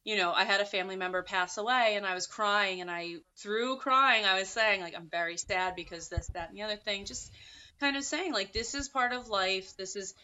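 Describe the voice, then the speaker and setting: A woman's voice: mid-range voice, fairly quick, sharp tone, clean tone. A woman talking as a podcast guest in a casual interview, earnest and thinking aloud with many fillers. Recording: muffled lo-fi audio.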